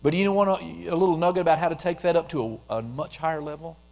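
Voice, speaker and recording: A man preaching a conversational sermon, repeating phrases and dropping into a soft, quiet voice when he prays aloud. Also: fairly high pitch, fast, vocal fry. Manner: conversational, repetitive, drops softly into prayer voice.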